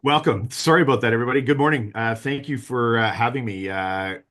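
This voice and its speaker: Talking fast in a mid-range, slightly bright voice, a fiftysomething man leads an online business planning seminar. He's chatty and pokes fun at himself as he speaks straight to attendees through a video call mic.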